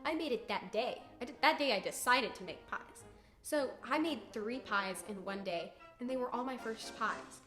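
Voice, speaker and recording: A woman's voice: fairly high pitch, moderate pace, fairly bright tone, roomy sound, soft background music. A teenage girl hosting a cooking tutorial, bubbly and joking with chatty asides. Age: teens. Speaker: cooking video host.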